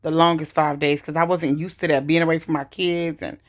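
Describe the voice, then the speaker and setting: A woman in her forties with a fairly low voice talks to her viewers. She is open and emotional, loops back over her own words and fills the gaps with casual asides. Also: little pitch movement, fairly quick. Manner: emotional, conversational, repeats herself. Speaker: vlogger. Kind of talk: personal storytelling.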